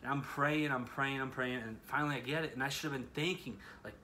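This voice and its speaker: A man's voice: medium pitch, steady tone, a little fast, few pauses, bright, forceful tone, a little hiss or hum. A man in his twenties speaking in an earnest, chatty way to students, telling a personal story in a casual devotional talk. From Chicago area, US. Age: 20s. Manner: earnest, chatty, full of "you know" and "like". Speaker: youth ministry speaker.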